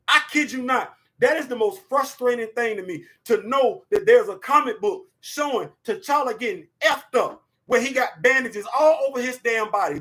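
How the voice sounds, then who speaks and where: Man, high-pitched voice, excitable casual pop-culture host, shouts and laughs. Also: moderate pace, few pauses.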